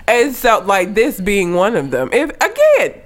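A woman's voice: mid-range voice, wildly swooping pitch, a little slow. A woman co-hosting a podcast in casual chat, blunt and profane, laughing often. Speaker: podcast co-host.

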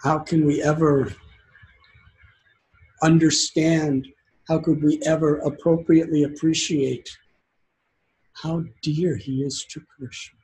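Slow, earnest male spiritual teacher. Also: fairly high pitch, flat delivery, a little mellow, slightly rough, poor audio. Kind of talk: devotional sermon storytelling.

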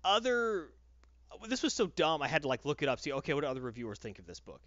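A man talks through a comic book in a casual podcast, his voice sitting a little high and leaping up and down as he rants with sarcastic exasperation. The sound is dry and dull, with a lo-fi edge. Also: sing-song, fast, fairly bright tone, dry recording.

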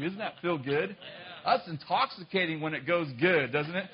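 A man's voice: a little high, normal speed, muffled recording. A man preaching, telling a personal story with self-mocking humor and frequent laughs. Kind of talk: storytelling sermon.

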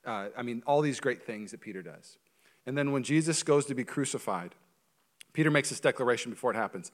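A male pastor preaching a sermon in a church, animated and joking, with quick asides. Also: mid-range voice.

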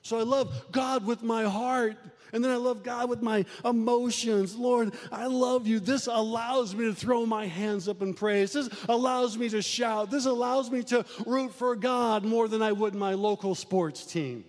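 A man's voice: very high voice, fairly even intonation, a little slow, few pauses, darkish tone, in a large hall. A middle-aged male pastor preaching a sermon, with emphatic rises and sudden drops in his delivery.

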